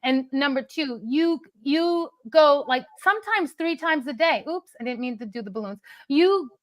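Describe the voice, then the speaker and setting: A middle-aged woman comedian co-hosts a comic bickering chat with her husband, rambling, giggling and chatting as she tells stories. Her high-pitched voice is expressive and moves at a normal speed, though the audio is poor.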